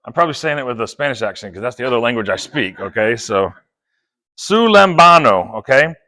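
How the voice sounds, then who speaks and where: A man preaching a sermon, playful and chatty, acting out quick quoted asides. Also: medium pitch, expressive, sharp tone. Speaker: pastor.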